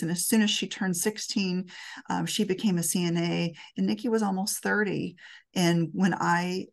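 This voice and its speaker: Low-voiced woman telling an earnest story. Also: vocal fry. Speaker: speaker at a talk. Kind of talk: storytelling talk.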